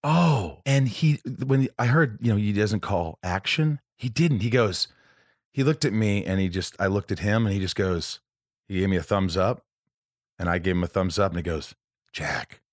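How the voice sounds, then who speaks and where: A man's voice: fairly low pitch, normal speed, dry recording, studio quality. A man and actor chatting casually, telling a story and acting out the people he quotes. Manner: chatty, acts out quoted voices. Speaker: actor, podcast co-host. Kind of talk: casual conversation.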